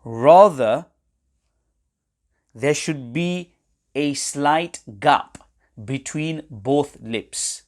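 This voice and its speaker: A man's voice: fairly high pitch, very slow, long pauses. A man teaching Quran recitation in an instructional webinar, explaining pronunciation carefully and reciting short examples.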